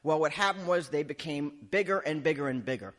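A man performing stand-up comedy, telling a story in an animated, self-mocking way and acting out his own panic. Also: on the high side, fairly quick.

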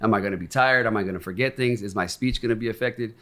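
A man's voice: lowish voice, fast talker, a bit bright. A man, a podcast guest, telling a personal story in casual, candid talk full of swearing and acted-out quotes. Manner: profane and candid, acts out quoted voices.

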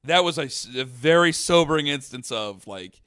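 A man casually telling a long story on a podcast, rambling and animated, with many restarts. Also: fairly high pitch, moderate pace, clear, resonant tone. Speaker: podcast host.

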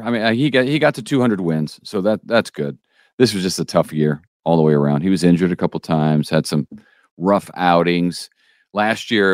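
Male news podcast co-host, very deep, stop-start delivery, dry booth sound. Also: no room sound. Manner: halting, restarts often, opinionated asides. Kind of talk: casual news chat.

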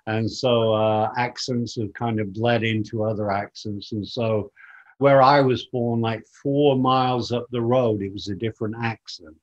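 Halting Lancashire man, muffled audio. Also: on the low side, fairly even intonation. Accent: Lancashire, softened by decades in America. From northern England. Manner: reflective, halting, repeats words when starting. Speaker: guest musician. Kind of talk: casual interview chat.

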